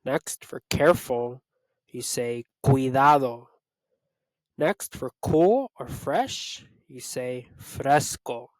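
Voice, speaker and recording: A man teaching Spanish, reading a vocabulary list and repeating each word slowly to drill it. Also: medium pitch, animated, no room sound. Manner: slow, repetitive word-by-word drilling. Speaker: Spanish tutor. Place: Los Angeles area.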